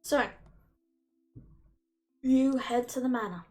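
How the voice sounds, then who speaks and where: A woman narrates a tabletop game as its game master, speaking casually with small fillers. Her voice sits fairly high. She talks over an online voice call. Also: slow pace.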